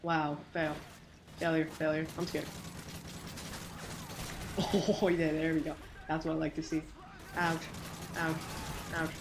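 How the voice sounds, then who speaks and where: A woman giving live gameplay commentary, excitable and jumpy, breaking into quick exclamations and goofy minced oaths. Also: deep voice, noisy background. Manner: self-censoring, silly minced oaths.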